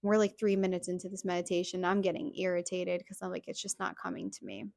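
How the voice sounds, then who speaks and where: Chatty woman with a gravelly voice. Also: fairly low pitch, flat delivery, quick pace, darkish tone, dry recording, clean studio sound. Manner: chatty, full of "like" fillers. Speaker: podcast host. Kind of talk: personal storytelling podcast.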